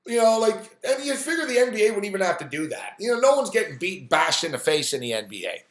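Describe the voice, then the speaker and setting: A man ranting on a sports live stream, swearing freely and acting out the people in his story. His voice sits a little high, and the room gives it a clear echo. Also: big pitch swings, quick pace. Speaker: sports talk host. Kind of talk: profane live-stream rant.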